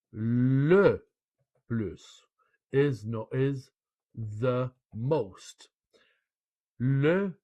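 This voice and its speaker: Slow, chatty French teacher, dry sound. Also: male voice, medium pitch, warm tone, no room sound. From Canada. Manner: chatty, playful, mixes French phrases into English explanations. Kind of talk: online language lesson.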